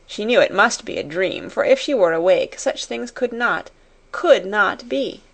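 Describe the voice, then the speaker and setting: A woman narrating an audiobook chapter in a measured, unhurried reading. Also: mid-range voice. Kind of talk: scripted storybook narration.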